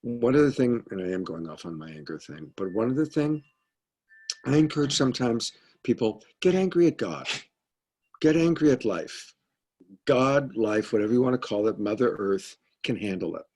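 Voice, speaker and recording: Male love coach, low and husky, earnest and chatty, drops into quiet asides, video call sound. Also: lively intonation, fairly quick. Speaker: love coach leading a mentorship group. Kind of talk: casual teaching on a video call.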